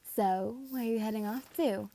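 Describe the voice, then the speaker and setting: Woman voicing a cocky, haughty young male swordsman for a fan story reading; keep it mellow. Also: medium pitch, moderate pace, natural voice. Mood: boastful. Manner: boastful, self-assured.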